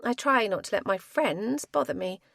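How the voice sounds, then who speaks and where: A woman narrating a first-person thriller audiobook in a lively, expressive reading. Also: mid-range voice, moderate pace, creaky, no room sound, studio quality.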